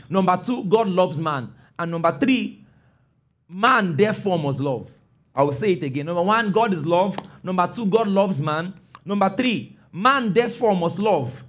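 A man preaching a sermon, emphatic, stopping often to ask his listeners if they follow and sometimes rising to a shout. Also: high voice. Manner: emphatic, calls for congregation responses; rises to shouts on key phrases.

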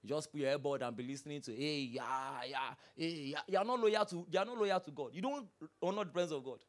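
A pastor preaching a sermon, firing rhetorical questions and swinging from hushed asides to loud bursts. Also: medium pitch, animated, very fast.

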